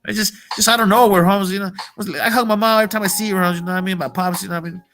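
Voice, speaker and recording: A man's voice: high voice, steady tone, very fast, a bit bright, soft background music. A man giving a profane, heated motivational rant in street slang. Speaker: motivational vlogger.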